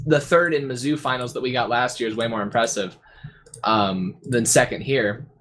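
A man's voice: mid-range voice, moderate pace, fairly bright tone, slight background noise. A young man co-hosting a casual podcast, telling a long story with lots of restarts and fillers. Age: young adult. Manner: rambling storytelling with many restarts. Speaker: podcast co-host. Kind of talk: casual chat.

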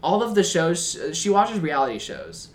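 A man's voice: high-pitched, wildly swooping pitch, normal speed. A young man co-hosting a podcast, chatting casually with dry, teasing remarks. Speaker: podcast co-host. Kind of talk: casual chat.

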